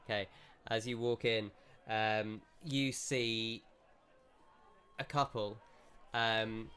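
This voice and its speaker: A man narrating a tabletop game as game master, describing scenes in a relaxed, halting way with fillers. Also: mid-range voice, clear, resonant tone.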